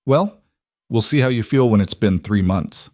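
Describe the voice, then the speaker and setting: A man voicing a strong, plain-spoken frontier woman with a calm, blunt manner. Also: fairly low pitch, normal speed, no echo, studio quality.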